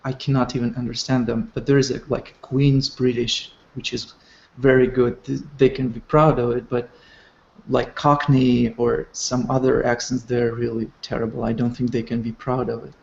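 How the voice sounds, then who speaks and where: A man student gives his opinions in an online English class with some hesitation. His voice is flat and gravelly, and the call audio is dull and lo-fi. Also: mid-range voice, normal speed, reverberant. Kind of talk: class discussion.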